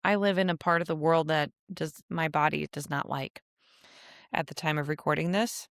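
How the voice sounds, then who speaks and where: A woman's voice: deep voice, fairly even intonation, moderate pace, gravelly, no room sound, studio quality. A woman hosting her own podcast, talking in a rambling, chatty, self-deprecating way, her voice nasal and stuffy from allergies. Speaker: podcast host. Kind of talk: casual solo podcast monologue.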